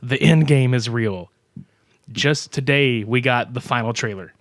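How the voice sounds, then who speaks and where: A man's voice: mid-range voice, measured pace, dry recording, studio quality. Laughing, swearing man podcast host. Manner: loud, joking and laughing often, swears freely. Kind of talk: casual chat.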